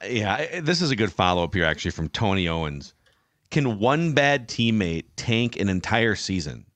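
A man's voice: fairly low pitch, very animated, fairly bright tone, dry recording. A man hosting a casual podcast who reads listener questions and tells stories about teams he covered. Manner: measured, recounts stories as a former reporter.

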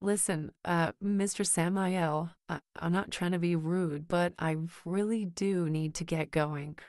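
A woman voicing a polite, nervous young man who volunteers at a hospital. He speaks quietly and hesitantly. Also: on the low side, fairly even intonation, a little slow, dry recording, clean studio sound, natural voice.

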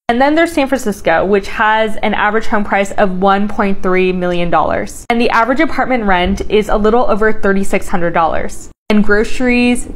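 A woman giving a scripted explainer on living costs, adding wry asides. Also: mid-range voice.

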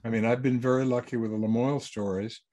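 A man's voice: medium pitch, steady tone, quick pace, warm tone. Easygoing man, author on a call. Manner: easygoing, anecdotal. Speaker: published author answering questions. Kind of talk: online Q&A talk. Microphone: video call.

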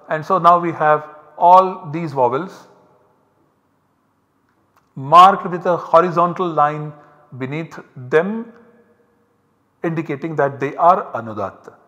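An Indian man with an Indian English accent gives a university lecture in a measured, explanatory way, pointing to examples on a slide. His voice is on the high side, pushed and bright. The lecture was recorded with a long, reverberant echo.

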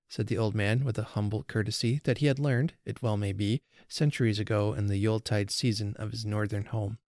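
A man hosting a podcast, reading a story aloud in measured, unhurried narration. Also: on the low side, fairly even intonation, a little mellow, dry recording, studio quality. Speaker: podcast host.

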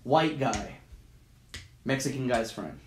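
Podcast co-host, a man, middle-pitched, spins a profane anecdote in an echoey room. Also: slow, noisy background. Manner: profane, animated retelling with acted-out quotes. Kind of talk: casual chat, storytelling. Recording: roomy echo.

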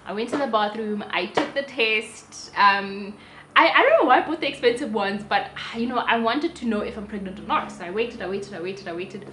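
A woman's voice: medium pitch, a little fast. Chatty South African woman, roomy sound. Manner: animated, chatty, restarts sentences. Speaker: vlogger. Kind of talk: casual storytelling to camera. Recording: roomy room with faint ambient noise.

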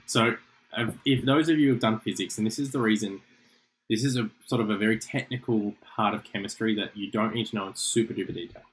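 A man's voice: lowish voice, a little fast, low-quality recording. A young man giving a casual, chatty chemistry revision lecture, explaining with asides.

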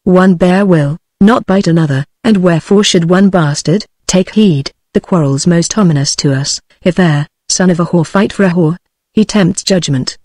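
A text-to-speech British woman voicing a scurrilous, foul-mouthed male Greek soldier in a flat, even tone. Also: fairly low pitch, moderate pace, dry recording, clean studio sound, natural voice. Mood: scornful. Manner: flat synthetic delivery of coarse lines.

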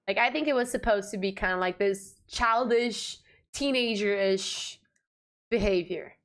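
Woman game streamer, casual and foul-mouthed, laughs a lot, mid pitch. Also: a little slow. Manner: blunt, profane, laughs often. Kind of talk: casual game livestream commentary.

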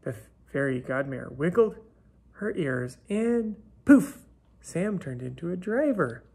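Slow, gravelly-voiced man reading a storybook. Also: on the high side, lively intonation, a little mellow. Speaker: storybook reader. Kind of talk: children's story read aloud.

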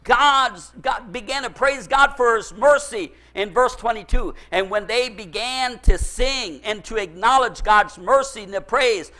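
Male pastor, very high bright voice, fervent sermon with shouted bursts of praise. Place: church service.

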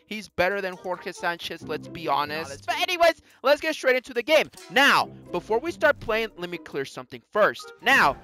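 A gamer giving excitable let's play commentary, yelping at near misses and dropping Spanish exclamations into English. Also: medium pitch. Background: faint background music.

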